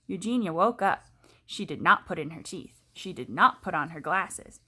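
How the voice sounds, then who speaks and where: A woman teacher reading a children's book aloud in an expressive storytelling voice. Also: lowish voice, moderate pace, husky.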